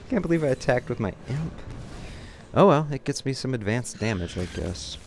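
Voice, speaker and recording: A man giving live commentary on his own card game, thinking his moves through aloud and getting excited or laughing at his own mistakes at his home computer. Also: medium pitch, normal speed, a little hiss or hum. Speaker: gameplay commentator.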